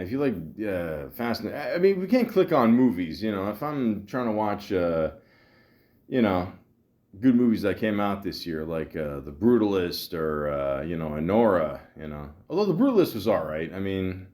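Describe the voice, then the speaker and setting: A man's voice: on the low side, a little mellow. A man in his forties hosting a podcast, rambling through a casual, profane monologue with lots of fillers and self-deprecating asides. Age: 40s. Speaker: podcast host.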